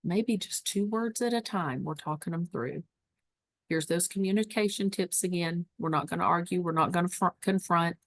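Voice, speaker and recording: A woman's voice: on the low side, moderate pace, no echo, studio quality. A woman giving a webinar lesson on dementia care, teaching emphatically and repeating key phrases. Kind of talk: webinar presentation.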